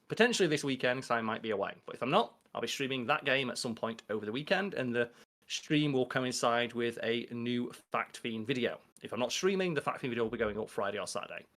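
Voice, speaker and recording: A man with a Scouse accent chats on a podcast at an ordinary middle pitch. He rambles through jokey anecdotes in a relaxed, conversational way. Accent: Liverpool (Scouse). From England. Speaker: podcast co-host. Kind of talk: casual podcast chat.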